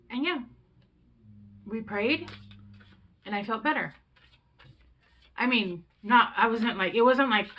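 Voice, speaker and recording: A woman's voice: on the high side, measured pace, long pauses, a bit bright, low-quality recording. A woman in her thirties giving a casual tarot reading, talking candidly and reassuringly, swearing freely as she coaches her listeners. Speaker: tarot reader.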